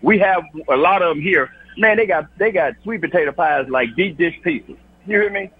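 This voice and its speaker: A man's voice: on the high side, lively intonation, normal speed, husky. A man calling in to a radio show from a grocery store, talking in a laid-back, chuckling way. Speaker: caller. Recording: tinny phone line.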